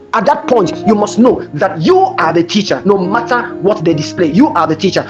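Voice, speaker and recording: A man's voice: sits high, dull audio. A man giving a workshop lecture to teachers, emphatic and repetitive, telling classroom stories. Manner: emphatic, repeats phrases, tells classroom stories. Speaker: teacher trainer.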